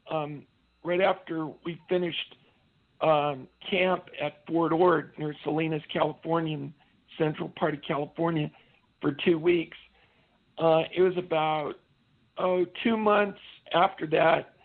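A man, an army veteran and radio guest, telling earnest, meandering stories in a casual way. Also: on the high side. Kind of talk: casual phone-in storytelling. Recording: tinny phone line.

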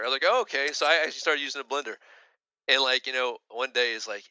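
A man co-hosting a podcast tells a long, rambling story, full of false starts and "like"s. His voice is bright and forward, recorded dry and close on a slightly dull, lo-fi mic. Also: medium pitch, quick pace, no echo. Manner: rambling, many restarts and "like" fillers. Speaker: podcast co-host. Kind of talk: casual storytelling chat.

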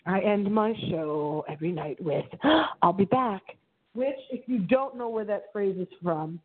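A middle-aged woman hosting her internet radio show alone, talking in a theatrical, dramatic way with big swings in pitch. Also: normal speed. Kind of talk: solo radio show monologue. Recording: phone-line audio.

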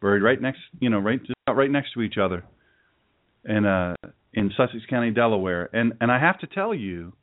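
A man's voice: fairly low pitch, lively intonation, moderate pace, phone-quality sound. A man preaching a sermon to a live audience, folksy and joking, rambling through stories between laughs. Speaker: pastor.

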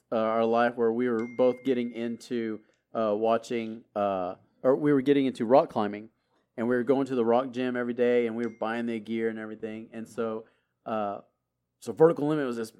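Middle-aged Texan man, mid-pitched voice, relaxed storyteller with plenty of fillers. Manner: relaxed, with fillers, laughs at his own story. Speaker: podcast co-host. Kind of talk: casual storytelling among friends.

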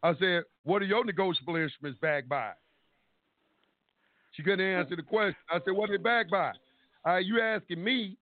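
A man's voice: high voice, moderate pace, pauses often, no echo. A man calling in to a radio talk show, telling a long story with energy, acting out what each person said and swearing casually. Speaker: caller. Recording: tinny phone line, dry.

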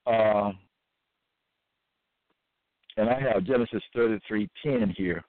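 Halting man preaching over a tinny line. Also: on the low side, no room sound. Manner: halting and repetitive, with many fillers and restarts. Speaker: self-styled preacher. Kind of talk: scripture-reading monologue. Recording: dry, tinny phone-like sound.

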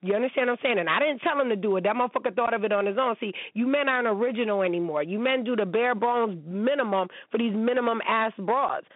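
A woman's voice: fairly high pitch, quick pace, few pauses, no echo. Blunt, profane woman ranting on a tinny line. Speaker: host. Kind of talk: casual ranting commentary. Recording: tinny phone-like sound, dry.

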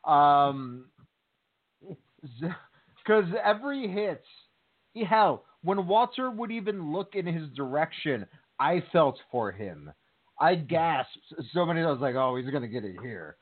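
Male co-host, slightly high voice, animated storyteller, phone-quality audio. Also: slow, long pauses. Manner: chatty, animated storytelling with fillers. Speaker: podcast co-host. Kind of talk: casual chat. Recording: tinny phone line.

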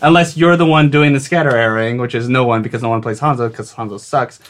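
A man co-hosting a casual gaming podcast, rambling through his topic with a playful, easily amused manner. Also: medium pitch. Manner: rambling, quick to laugh, playful. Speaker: podcast co-host.

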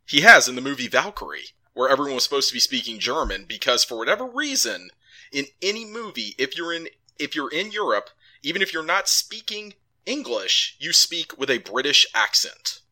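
A man joining a casual podcast as a guest, animated and teasing, with sarcastic asides. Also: medium pitch, fairly quick. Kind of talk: casual comedic podcast banter.

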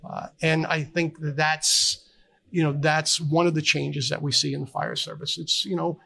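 A man's voice: a little high, level tone, gravelly, bright, forceful tone, breathy edge. A middle-aged man, a fire service counselor, talking earnestly as a guest in a live interview, often restarting his sentences. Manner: earnest, halting with many restarts. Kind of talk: candid conversational interview. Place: live podcast at a trade conference.

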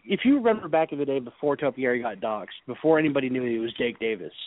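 A man's voice: medium pitch, lively intonation, quick pace, no echo. A man hosting an internet radio show, telling crude stories in a casual, profane way and laughing often. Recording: tinny call-in audio.

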